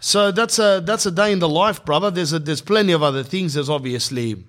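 A man's voice: on the high side, brisk. A man in his thirties with an Australian accent, telling a rambling casual story and calling the listener bro. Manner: animated, swearing, calls listener bro. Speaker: vlogger.

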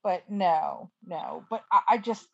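A woman's voice: fairly low pitch, expressive, slow pace, gravelly, a bit bright, husky, no echo, highs cut off. A woman co-hosting a casual podcast, chatty and self-mocking. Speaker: podcast co-host. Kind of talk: casual chat.

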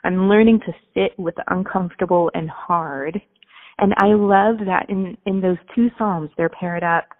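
A woman's voice: fairly low pitch, steady tone, normal speed. A woman podcast host responding reflectively and affirming her guest in conversation. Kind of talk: conversational interview. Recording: tinny phone line with long reverb.

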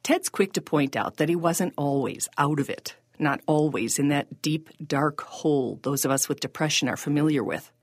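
A woman with a low, slightly husky voice reads scripted podcast narration in a measured way. Her pitch moves expressively, and the recording is close and dry. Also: dry recording. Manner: measured, storytelling delivery.

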